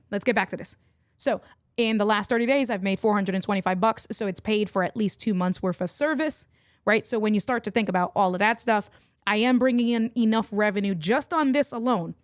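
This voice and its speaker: A woman's voice: mid-range voice, no echo, clean studio sound. A middle-aged woman hosting a casual livestream, chatting and laughing with her viewers as she goes. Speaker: livestream host and online entrepreneur.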